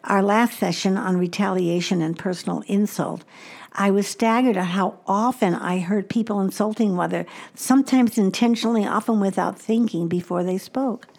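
A woman teaching the Bible to a broadcast audience from a studio. Her delivery is expressive, rising into emphatic exclamations and dropping to soft, hushed asides. She speaks at an ordinary pitch for a woman. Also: normal speed.

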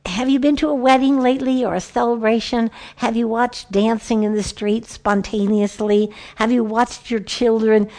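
A woman giving a conversational Bible teaching to a group of women, animated and storytelling, often restarting her sentences. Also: on the high side, moderate pace, hardly any pauses. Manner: lively, animated storytelling with frequent self-corrections.

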